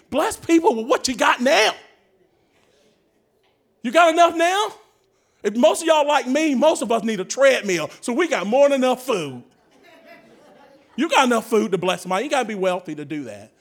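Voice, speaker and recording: A man preaching a sermon in a church, telling funny stories and breaking into shouts. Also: high-pitched. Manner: humorous storytelling, bursts into shouts. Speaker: guest preacher. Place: church with a praise band.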